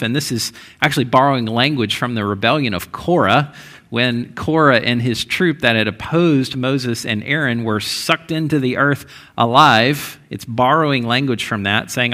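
A man's voice: medium pitch, bright, forceful tone. A male pastor giving a conversational sermon, with frequent restarts and rising, emphatic stretches.

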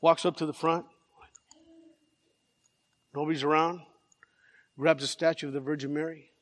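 A man's voice: a little high, flat delivery, moderate pace, long reverb tail. A man preaching a sermon as pastor, telling a story with animation, repeating words and joking with the congregation. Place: large church.

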